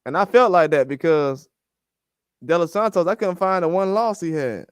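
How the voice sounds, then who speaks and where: A man's voice: high voice, expressive, normal speed, clear, resonant tone, dry recording, studio quality. A man hosting a boxing channel, talking casually and ranting, acting out the conversations he quotes.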